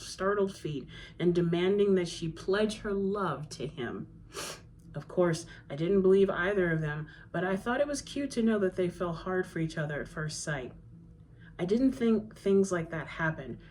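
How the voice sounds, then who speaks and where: A woman reads her own novel aloud in a fairly low voice. Her first-person narration is conversational and steady, with a faint background hiss. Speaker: author reading her novel. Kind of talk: audiobook-style reading.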